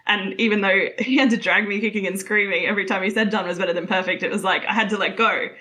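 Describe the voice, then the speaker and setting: Female guest, rapid speech, bright sharp voice. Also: mid-range voice, fairly even intonation. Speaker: podcast guest, book co-author. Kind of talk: casual chat.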